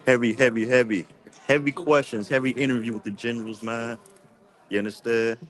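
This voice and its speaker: A man's voice: mid-range voice, steady tone, a little fast. A man hosting and interviewing on a live stream, affirming his guests with frequent short replies. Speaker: host and interviewer.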